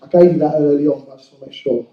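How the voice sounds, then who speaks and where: A man with a high voice doing stand-up comedy, telling stories with crude, self-mocking punchlines. The sound is echoey and a bit distant, as if it were caught from across a club room. He tells it with an easy storyteller's rhythm. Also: rapid-fire, lo-fi sound. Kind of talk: stand-up routine.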